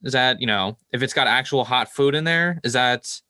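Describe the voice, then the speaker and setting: Bright-voiced, wry man on a dry mic. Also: mid-range voice, no room sound. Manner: wry, quick to laugh, peppered with "like". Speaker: podcast co-host. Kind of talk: casual chat.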